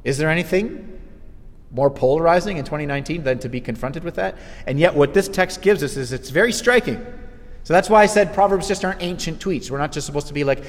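A man preaching a sermon in a lively, conversational way, acting out quotes as he goes. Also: fairly high pitch, brisk, in a large hall.

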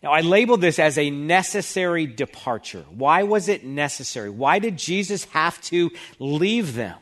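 Man preaching a sermon, fairly high voice. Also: animated, normal speed, fairly bright tone. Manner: expository preaching, reads scripture aloud with emphasis. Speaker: pastor.

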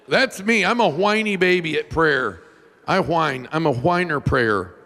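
A man preaching a sermon in a church, telling funny stories about himself in an animated, self-mocking way. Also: sits high, unhurried, creaky. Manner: animated, self-mocking, jumps into loud whiny voices. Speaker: pastor. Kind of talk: sermon with humorous storytelling. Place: church sanctuary. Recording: long reverb in a large hall.

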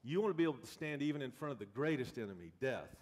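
A man's voice: mid-range voice, quick pace. Folksy preacher guy telling a story from the pulpit, big echoey church. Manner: animated, folksy, many restarts. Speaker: pastor. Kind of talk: storytelling sermon. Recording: long reverb of a church hall.

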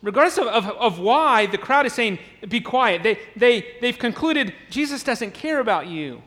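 A man's voice: extremely high pitch, animated, normal speed, fairly bright tone, in a large hall. A man preaching a sermon in a church, emphatic and repeating words as he builds his points, now and then acting out the crowd's voices. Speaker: pastor. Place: church sanctuary.

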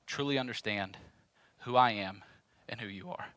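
A man's voice: on the low side, normal speed, fairly bright tone, no echo. A man pastor preaching a sermon in an emphatic, repetitive, conversational way.

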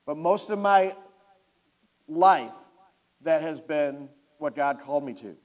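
A man's voice: a little high, slow pace. A man, preaching and telling a story from his own life, asking the congregation questions directly. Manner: animated, talks to the congregation directly. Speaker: pastor. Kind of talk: sermon storytelling. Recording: long hall reverb.

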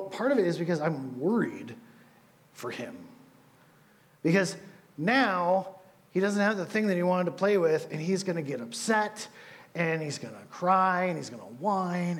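A man preaching as a youth pastor, telling stories in a casual, chatty way. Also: a little high. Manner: casual, storytelling, animated asides. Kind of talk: sermon.

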